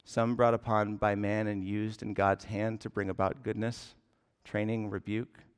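A man in his thirties preaching a sermon as pastor, earnest and deliberate, with emphatic rises on key words. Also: fairly low pitch, level tone, clear, resonant tone. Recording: long hall reverb.

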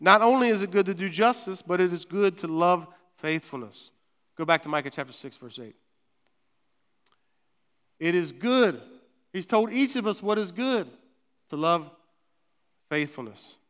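A man preaches a sermon, his high voice smooth and resonant. He talks conversationally, repeating words and checking in with the room. A long church-hall reverb trails behind him. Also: expressive, measured pace, long pauses, a bit bright. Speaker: pastor. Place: church sanctuary.

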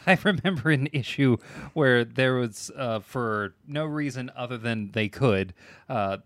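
A man joining a casual comics chat with chuckling, drawn-out asides. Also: medium pitch, fairly bright tone, dry recording.

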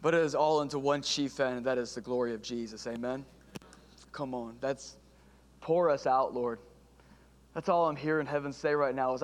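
A man's voice: medium pitch, normal speed. A man, a pastor leading a fervent, repetitive prayer and sermon. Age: 30s.

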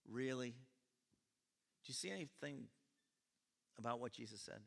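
A man pastor preaching a sermon at a church service, animated and questioning his congregation as he tells the story. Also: mid-range voice, takes it slowly, gravelly. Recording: echoey church hall.

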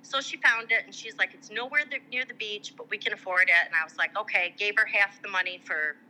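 A woman's voice: mid-range voice, brisk, slight background noise, poor audio. A middle-aged woman from Michigan telling a long personal story in casual chat, acting out the voices of people she quotes. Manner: animated, acts out quoted voices. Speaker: guest.

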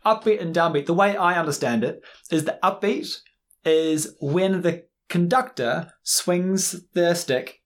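Casual co-host, male, slightly high voice, talks things through and explains loosely. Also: a little slow. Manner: explaining, with many restarts. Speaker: podcast co-host. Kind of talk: casual chat about music and dance.

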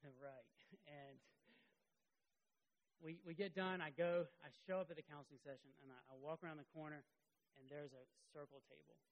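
A middle-aged man giving a sermon as a pastor, earnest, moving between loud emphasis and quiet confession. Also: a little high, steady tone, normal speed, dull audio.

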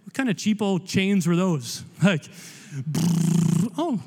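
A man's voice: high voice, lively intonation, slow, background noise. A man preaching a sermon in an emphatic, rambling way, with joking asides and repeated words. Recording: long hall reverb.

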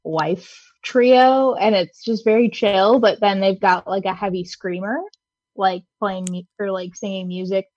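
A woman's voice: medium pitch, steady tone, a little slow, a little mellow, dry recording. Chatty woman, dull dry sound. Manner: chatty, filler-heavy, laid-back. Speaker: podcast co-host. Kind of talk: casual chat.

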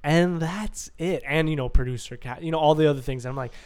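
A man's voice: on the high side, fairly quick. A man co-hosting a podcast, talking in casual, jokey chat and swearing now and then. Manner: animated, jokey, swears, laughs mid-sentence. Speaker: podcast co-host.

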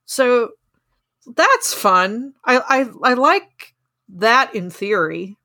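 A woman's voice: on the high side, sing-song, bright, forceful tone, no echo, clean studio sound. A woman hosting a podcast in casual chat, who often stops and thinks aloud mid-sentence. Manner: halting, thinks aloud with many fillers. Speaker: podcast host.

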